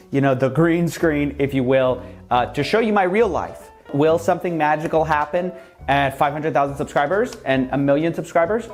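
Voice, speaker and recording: A man's voice: mid-range voice, a little mellow. Man in a sarcastic mock-guru monologue. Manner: mock-humble, sarcastic, boastful guru act. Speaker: YouTuber. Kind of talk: comedic parody monologue.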